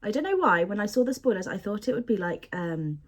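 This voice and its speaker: A woman's voice: medium pitch, sing-song, brisk. A young woman chatting casually and expressively as she unboxes and sniffs bath products, often poking fun at herself. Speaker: beauty product unboxing vlogger.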